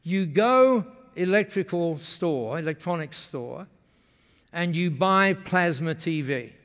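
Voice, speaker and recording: Brief: earnest young woman, as a male speaker puts her on, slow broken english, echoing hall. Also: a little high, lively intonation, a bit bright, heavily acted. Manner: slow, simple clipped phrasing. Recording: long hall reverb.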